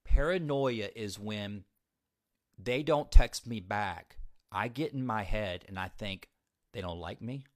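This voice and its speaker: Emphatic man with a low voice. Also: slow, no echo, clean studio sound. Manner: emphatic, repeats key points, asks the audience questions. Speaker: recovery speaker. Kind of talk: motivational recovery talk.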